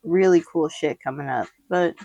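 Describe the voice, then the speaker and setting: A woman's voice: low-pitched, normal speed, gravelly, warm tone, dry recording, lo-fi sound. A young woman chatting casually through a makeup tutorial at home, rambling, giggling and swearing offhandedly while talking to the camera. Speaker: makeup vlogger.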